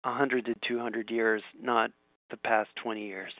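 A man reading quiz questions aloud and thinking out loud in casual chat, with frequent ums and restarts. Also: medium pitch, flat delivery, moderate pace, dry recording. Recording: tinny phone-like audio.

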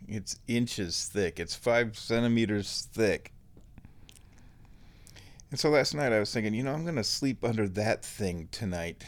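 A man with a fairly low voice talks straight to his audience in a loose, rambling vlog. He tells small everyday stories at an easy, meandering pace. Little asides and chuckles drift through his talk. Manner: chatty, meandering storytelling with laughs and sighs. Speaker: vlogger.

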